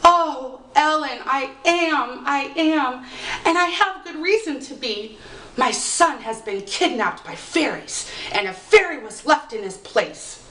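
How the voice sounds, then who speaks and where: A desperate peasant mother, played by a woman storyteller, her high voice climbing as she pleads and frets. The sound is roomy and a little distant. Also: expressive, slow, sharp tone, exaggerated voice. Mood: pleading. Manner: pleading, emotional, rising pitch.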